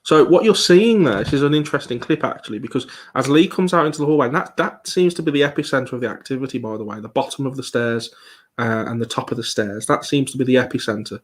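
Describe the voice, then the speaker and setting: A man giving a live online presentation as a paranormal investigator, talking with many pauses and restarts. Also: mid-range voice. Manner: hesitant, many ums and restarts.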